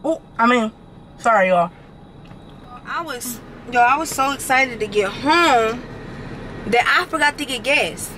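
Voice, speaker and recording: A young woman vlogging from her car, chatting to her viewers in an animated, slangy way and swearing casually. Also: fairly high pitch, measured pace, long pauses, a little hiss or hum, poor audio. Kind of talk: casual chat to camera.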